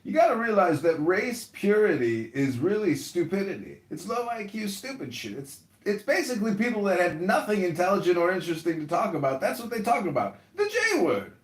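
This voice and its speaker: A man with a high voice that swings widely holds court in an online audio chat room. He mocks and needles the other speakers and often bursts into shouting. The sound is roomy and echoey, like a live audio chat stream. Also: very animated, a little fast, hardly any pauses. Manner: mocking, sarcastic, bursts into shouting. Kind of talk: heated casual online debate. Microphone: phone or computer mic in an audio chat app.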